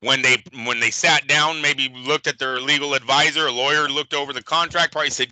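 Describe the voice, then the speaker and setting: Loud bright-voiced guy on a fight podcast, swears a lot, very dry close sound. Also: medium pitch, fairly quick, no room sound, low-quality recording. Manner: animated, profane, emphatic. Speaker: boxing podcast co-host. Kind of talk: casual sports chat.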